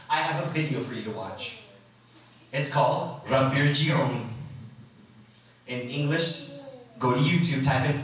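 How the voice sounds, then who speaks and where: A man's voice: mid-range voice, fairly bright tone. A man giving a religious lecture to a live audience, speaking earnestly and emotively and addressing his listeners directly. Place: school hall. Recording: very echoey hall, voice from far off.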